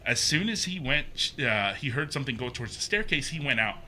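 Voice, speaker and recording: A man guest on a podcast, telling a personal story in a casual, animated way, acting out the voices he quotes and using plenty of fillers. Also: medium pitch, fairly quick, slight background noise. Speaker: podcast guest, haunted maze builder.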